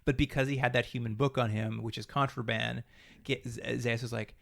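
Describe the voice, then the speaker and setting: Co-host, male, rapid-fire and gravelly, casual rambling recap with quoted lines. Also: medium pitch, flat delivery, fairly bright tone. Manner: fast, rambling retelling with acted-out quotes and laughs. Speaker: podcast co-host.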